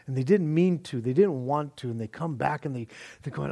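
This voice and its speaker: A man's voice: fairly high pitch, brisk, vocal fry, dark tone. A male pastor giving a sermon in a folksy, conversational way, explaining his passage at length. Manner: folksy, conversational, says "man" often; explains word meanings in long lists.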